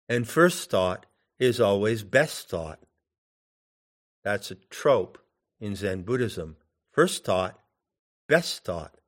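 A man giving slow meditation instruction in drawn-out phrases with long pauses. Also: mid-range voice. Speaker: meditation teacher.

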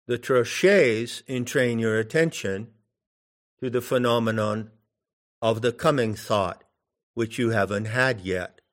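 A man giving slow meditation instruction in drawn-out phrases with long pauses. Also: medium pitch. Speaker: meditation teacher.

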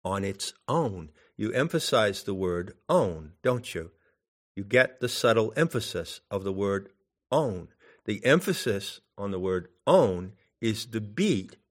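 Slow, musing male meditation teacher. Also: fairly low pitch. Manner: slow, deliberate, musing, with long pauses. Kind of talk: spoken dharma instruction.

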